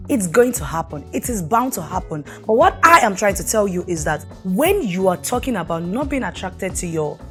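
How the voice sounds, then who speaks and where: A middle-aged woman, hosting a talk show and giving earnest, preachy marriage advice while putting questions to the listener. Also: medium pitch.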